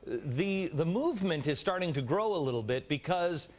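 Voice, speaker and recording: American man, TV host, fairly high voice, very lively pitch, jokey. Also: brisk. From United States. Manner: joking, rambling, expressive. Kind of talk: TV interview.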